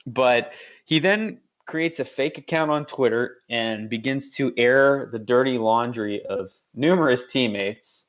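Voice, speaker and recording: A man's voice: mid-range voice, a little slow, dull audio. A man co-hosting a casual sports podcast, rambling with lots of fillers and restarts. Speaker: podcast co-host.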